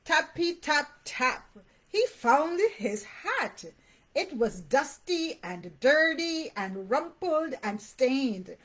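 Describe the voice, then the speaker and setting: A woman with a high, bright voice reads a rhyming picture book to very young children at an unhurried pace. She sing-songs the sound words and keeps pausing to ask the child what they see. She also talks warmly and directly to the parents. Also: big pitch swings. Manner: pauses to ask the young listener questions about the pictures; sing-song reading of rhymes and sound words.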